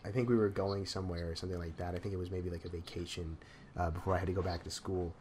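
A man's voice: lowish voice, a bit bright, slight background noise. Man, young adult, casual podcast chat, rambling, frequent laughter, faint background ambience. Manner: laughs often, rambling with fillers. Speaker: podcast co-host.

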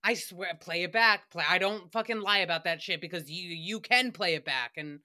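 A woman's voice: fairly low pitch, normal speed, pushed and bright. A woman hosting a solo recap podcast, chatty and profane, laughing often and telling stories dramatically. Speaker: podcast host.

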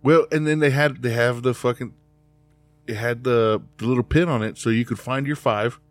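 A man's voice: medium pitch, moderate pace, no room sound, soft background music. A man co-hosting a casual podcast chat, telling stories with a laugh and acting out what people said. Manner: animated storyteller, laughs often, acts out quotes. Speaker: podcast co-host.

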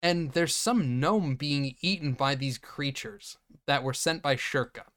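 A man's voice: fairly high pitch, measured pace. A man co-hosting a podcast, casually recapping a movie and acting out its characters' lines with frequent laughter. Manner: animated retelling, acting out lines, laughing often. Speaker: podcast co-host.

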